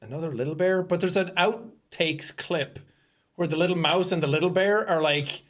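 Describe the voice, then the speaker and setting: A man co-hosting a podcast in casual comedic chat, animated and giggly, full of crude jokes. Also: on the high side, normal speed. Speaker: podcast co-host.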